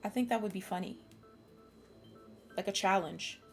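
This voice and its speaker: A woman's voice: mid-range voice, normal speed, soft background music. A young woman streamer chatting casually with her viewers, swearing and nervous about the game ahead. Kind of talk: casual live-stream chat.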